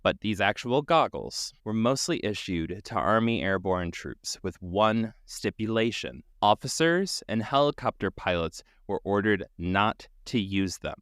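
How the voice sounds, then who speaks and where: A man's voice: on the low side, lively intonation, a little slow, hardly any pauses, fairly bright tone, no echo, clean studio sound. A man hosting a podcast, telling a story dramatically, swearing casually and laughing often.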